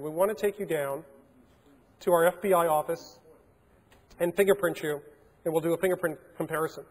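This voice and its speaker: A man's voice: fairly high pitch, steady tone, fairly quick, pauses often. A man giving a keynote talk, telling a story and acting out the dialogue in a large conference hall. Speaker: keynote speaker.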